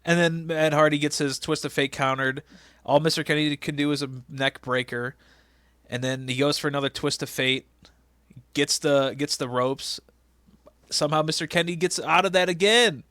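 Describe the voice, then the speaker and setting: A man co-hosting a casual wrestling podcast, recapping matches with animated retellings and shouted impressions. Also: a little high, normal speed, no echo. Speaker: podcast co-host.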